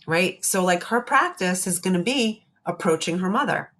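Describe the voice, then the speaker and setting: An earnest woman with a slightly low voice talks as an interview guest. She leans hard on her points and repeats them for emphasis, explaining with steady conviction. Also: moderate pace. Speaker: psychologist guest. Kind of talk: interview conversation.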